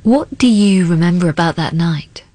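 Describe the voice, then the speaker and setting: Lady interviewer, gentle short questions, kinda low voice, dry sound. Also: lively intonation, moderate pace, no echo.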